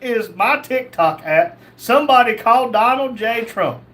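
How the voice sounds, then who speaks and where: A man's voice: very high voice, lively intonation, measured pace, a bit bright. A man hosting a casual livestream, reading chat comments aloud and answering them in a blunt, crude, joking way. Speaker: livestream host.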